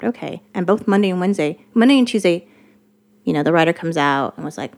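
Profane, animated woman telling a story. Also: mid-range voice, fast talker. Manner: animated, profane, quotes others in lively voices. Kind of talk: casual storytelling chat.

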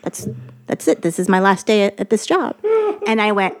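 Profane, animated woman telling a story. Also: medium pitch, fairly quick. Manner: animated, profane, quotes others in lively voices. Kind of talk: casual storytelling chat.

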